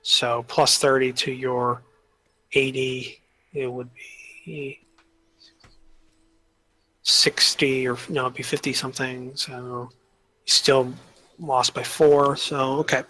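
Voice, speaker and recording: A man's voice: mid-range voice, little pitch movement, slow, pauses often, bright, forceful tone. A man acting as game master of a tabletop role-playing game, explaining rules and narrating scenes, often trailing off into fillers.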